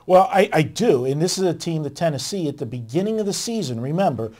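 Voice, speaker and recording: Higher-voiced man explaining a betting pick. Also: lively intonation, fast, a little mellow. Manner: explains his reasoning at length, conversational. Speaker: guest sports handicapper. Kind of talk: sports betting debate.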